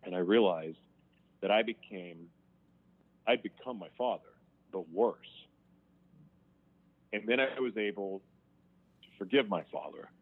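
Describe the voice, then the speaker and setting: A man telling his own story as an interview guest, frank and emotional, halting and restarting as he speaks. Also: lowish voice, husky. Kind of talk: candid personal storytelling. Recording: tinny phone-line sound.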